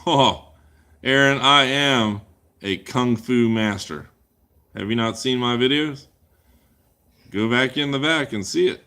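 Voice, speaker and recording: With a medium-pitched, smooth voice and a sharp tone, a man speaks slowly and pauses often while hosting a casual livestream Q&A. He rambles and makes crude jokes as he responds to chat.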